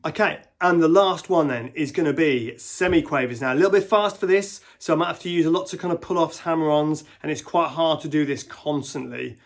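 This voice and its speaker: A man's voice: fairly high pitch, fairly quick, few pauses. A man teaching guitar in a casual way, counting beats and scatting rhythms aloud. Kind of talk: casual instructional talk. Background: guitar and backing track playing.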